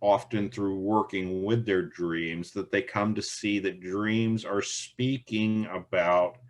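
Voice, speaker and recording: A middle-aged man, a Jungian analyst being interviewed, speaking in a slow, reflective way and recounting case stories. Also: on the low side, steady tone. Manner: slow, reflective, storytelling with quoted dialogue. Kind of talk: thoughtful interview conversation.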